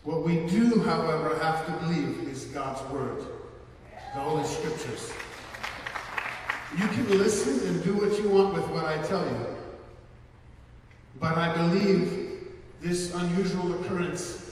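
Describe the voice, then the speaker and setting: A man's voice: a little high, darkish tone, far from the mic, slight background noise. Man preaching in an echoey hall. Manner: earnest storytelling, slows for emphasis. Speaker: pastor. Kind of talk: sermon with personal testimony. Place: large hall before a live audience.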